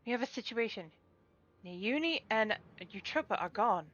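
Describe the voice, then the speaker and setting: A woman voicing a calm, caring adult woman in an unhurried manner, with faint music behind. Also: fairly high pitch, dull audio. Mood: concerned.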